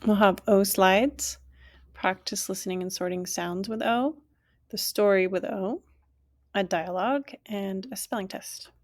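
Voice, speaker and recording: A woman teaching a language lesson, saying each word slowly and clearly and then repeating it. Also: medium pitch.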